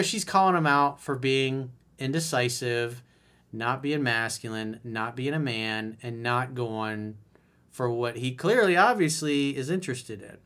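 A man with a medium-pitched, slightly bright voice delivers a solo monologue as a dating coach. Blunt and emphatic, he reads out listener messages and comments on them.

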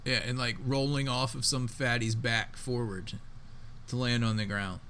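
A man co-hosting a casual sports podcast, talking in an emphatic, excitable way with plenty of slang. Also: mid-range voice, moderate pace, a little hiss or hum. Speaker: podcast co-host.

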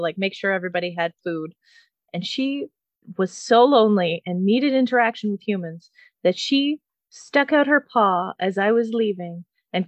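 A woman's voice: mid-range voice, no room sound, highs cut off. A woman co-hosting a casual podcast, rambling, swearing freely and laughing often. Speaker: podcast co-host. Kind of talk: casual chat.

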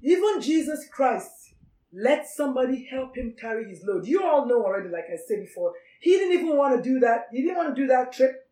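A woman's voice: high-pitched, big pitch swings, fairly quick, mellow, reverberant, far from the mic, low-quality recording. A woman gives an emphatic, preachy talk to doctors and repeats her key phrases. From Nigeria. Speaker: physician speaker on doctor suicide. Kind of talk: motivational talk.

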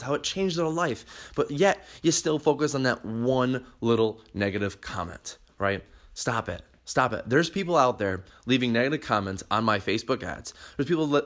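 A man's voice: medium pitch, a bit bright. A young man hosting a podcast, talking bluntly and animatedly, swearing freely as he gives motivational advice. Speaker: podcast host.

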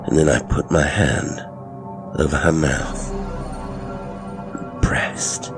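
A man narrating a horror story in the first person, with a brooding, measured delivery. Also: very deep voice, steady tone, music in the background.

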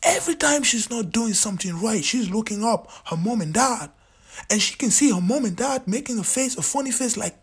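A man's voice: sits high, lively intonation, brisk, breathy edge. A man in his late thirties hosting his own show, giving an emphatic, opinionated commentary monologue, repeating his points and sometimes dropping to a near-whisper. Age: 30s. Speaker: show host.

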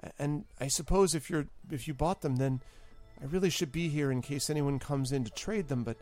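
A man's voice: a little high, brisk, darkish tone, faint music behind, pitched above the performer's own voice, natural voice. A man voicing a young, frightened girl who speaks hesitantly and anxiously.

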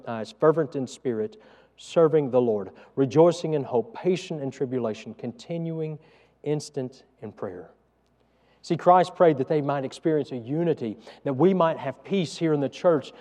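A man's voice: medium pitch, muffled recording. Preaching man in an echoing hall. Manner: preaching with swings from loud emphasis to hushed asides. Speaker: pastor. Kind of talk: sermon.

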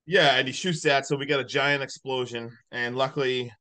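A man hosting a podcast, casually recapping a movie in a rambling, animated way full of "like". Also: medium pitch, normal speed. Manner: rambling, animated retelling with many likes. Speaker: podcast host.

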